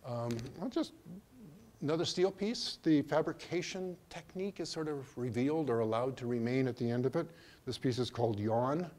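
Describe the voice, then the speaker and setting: An older man giving a slide lecture on his own work, speaking in a hesitant way with many pauses and restarts. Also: mid-range voice, darkish tone. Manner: hesitant, full of ums and restarts. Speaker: artist giving a museum talk.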